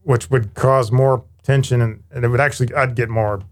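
Candid, animated man telling stories. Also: mid-range voice, moderate pace. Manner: candid, animated storytelling with casual swearing. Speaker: interview guest, former firefighter paramedic. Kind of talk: casual storytelling conversation.

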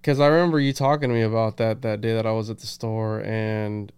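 A man hosting a casual podcast chat, excitable and laughing, reading aloud from notes. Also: on the low side, brisk, clear, resonant tone. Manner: excited, laughing, says "bro" and "dude". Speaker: podcast host.

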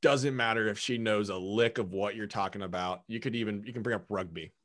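A man's voice: on the low side, fairly bright tone. A man chatting casually, stumbling and repeating words as he talks. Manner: halting, restarts words, laughs easily. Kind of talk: casual chat.

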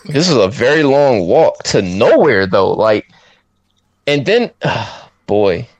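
Animated man in casual film chat. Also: takes it slowly. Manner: animated, swoops up high when quoting himself, slangy. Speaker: podcast co-host reviewing a film.

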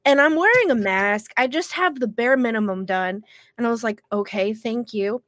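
A woman's voice: on the high side, moderate pace, no echo, clean studio sound. Congested woman telling a story. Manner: animated storyteller, swears casually. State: congested from illness. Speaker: podcast co-host. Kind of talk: casual podcast storytelling.

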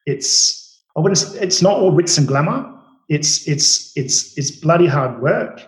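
Middle-aged man, working chef, relaxed rambling storyteller, roomy echoey sound. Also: a little high, a little slow. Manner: relaxed, rambling, many fillers and restarts. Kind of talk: storytelling interview answers. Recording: roomy echo.

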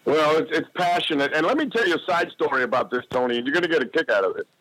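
A sports announcer, a man, tells a lively story as a guest. His voice is bright and slightly high, and it sounds dry and close with no room around it. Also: very fast, no echo, poor audio. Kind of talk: casual interview storytelling.

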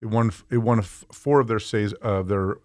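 A man with a New Jersey accent, chatting as a guest in an interview, talking fast and telling stories with animation. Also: lowish voice, steady tone, dry recording. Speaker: guest author. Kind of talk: casual interview chat.

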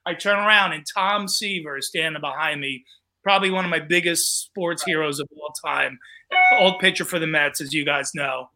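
Bright, high-voiced man telling stories. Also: moderate pace, slight background noise. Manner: animated storyteller, acts out quoted voices. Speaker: comedian and TV host. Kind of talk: casual podcast storytelling.

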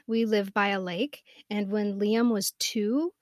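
A woman in her fifties co-hosting a casual podcast chat, telling stories with animated swings from soft to loud. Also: mid-range voice, takes it slowly, no room sound, clean studio sound. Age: 50s. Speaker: podcast co-host.

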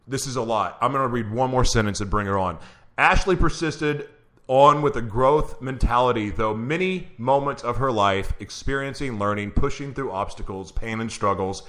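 Male host, bright tense tone, chatty, laughing, voice wearing thin, speaking into a computer mic on a video call. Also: mid-range voice, normal speed. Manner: chatty, laughs often, reads an intro aloud. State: losing his voice. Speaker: show host. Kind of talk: live-streamed show, casual chat.

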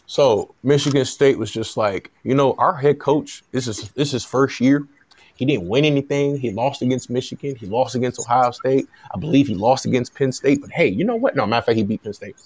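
A man in his thirties hosting a podcast, talking sports in a casual, animated and emphatic way, with frequent restarts and stammers. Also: medium pitch, fairly quick, breathy edge, no room sound. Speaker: podcast host.

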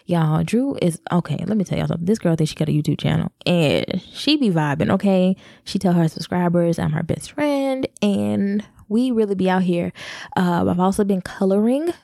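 A woman's voice: lowish voice, creaky, dark tone, no room sound, studio quality. A woman in her thirties talking candidly to her viewers in a personal vlog, confessional and direct. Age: 30s. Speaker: vlogger.

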